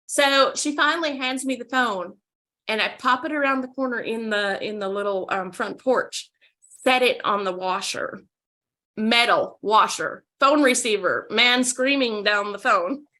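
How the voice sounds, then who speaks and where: A woman's voice: a little high, measured pace. A woman guest on a podcast, vividly telling stories in a casual way. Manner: vivid, animated storyteller. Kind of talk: casual storytelling.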